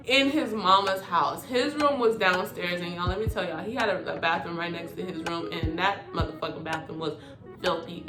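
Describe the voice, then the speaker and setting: A woman telling a personal story to her viewers in a casual monologue, animated and full of cursing. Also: medium pitch. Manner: animated, profane, talks straight to viewers. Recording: echoey room with music behind.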